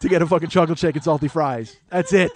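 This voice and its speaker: A man hosting a podcast, telling a rambling, profane comic story that gets more and more worked up. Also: on the high side. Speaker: podcast host. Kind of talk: comedic storytelling monologue.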